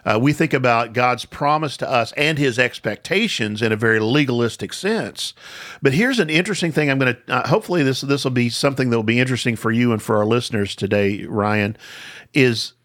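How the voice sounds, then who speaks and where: A man hosting a podcast, teaching the Bible in a conversational way, thinking aloud with restarts and slowing down to stress key points. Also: medium pitch, a bit bright. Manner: thoughtful, with frequent restarts and slow emphasis.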